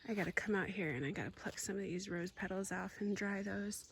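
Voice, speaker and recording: A woman giving a casual tour of her home garden, gushing with excitement and often dropping to a soft whisper. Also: mid-range voice, brisk, slight background noise. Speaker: homestead vlogger.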